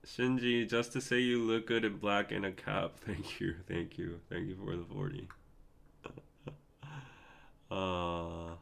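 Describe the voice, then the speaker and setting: A man's voice: deep voice, level tone, slow pace, creaky, pauses often, fairly bright tone. A man, hosting a live stream and talking emotionally to his chat. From Korea. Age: 30s. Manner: emotional, laughing, pleading with chat. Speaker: podcast host.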